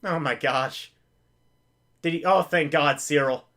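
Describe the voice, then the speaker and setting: A man with a fairly high voice hosts a live reaction to a game. He calls the plays excitedly and begs the players not to mess up. He jokes about the pain of losing. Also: a little slow. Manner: excitable, pleading with players, self-mocking humor. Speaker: live-stream reaction host.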